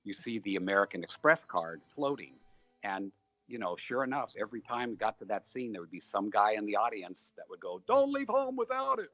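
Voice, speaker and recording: Older guy rambling thru interview stories, deep voice, dry muffled sound. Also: fairly quick, sharp tone, dry recording. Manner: rambling, storytelling, many fillers. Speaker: film director being interviewed. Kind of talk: relaxed interview talk.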